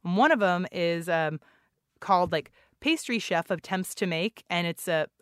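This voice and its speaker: A woman's voice: on the low side, unhurried, smooth, no room sound, clean studio sound. Rambling chatty young woman podcaster. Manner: rambling, heavy filler words; excitable, laughs often. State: recovering from losing her voice. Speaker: podcast co-host. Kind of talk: casual chat.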